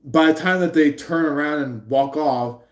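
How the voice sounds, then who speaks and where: Guy doing a tarot live, slightly high voice, rambly with lots of ums, echoey room. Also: normal speed, highs cut off. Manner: rambling, acts out quoted people in raised voices. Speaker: tarot reader. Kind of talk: live-streamed tarot reading.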